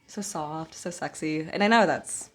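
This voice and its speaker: A woman playing a game while chatting, animated and quick to exclaim and laugh. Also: low voice. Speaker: co-host, player. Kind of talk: casual chat while gaming.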